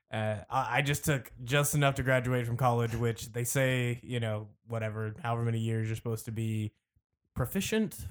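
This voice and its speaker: Man, podcast host, casual sports chat, rambling, medium pitch. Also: normal speed, smooth. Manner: relaxed, rambling with fillers and restarts.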